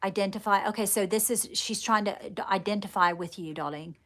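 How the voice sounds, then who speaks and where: A woman leading a live channelling stream, speaking in halting, repeated phrases and calling her viewers darling. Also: medium pitch, fairly bright tone. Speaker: psychic medium.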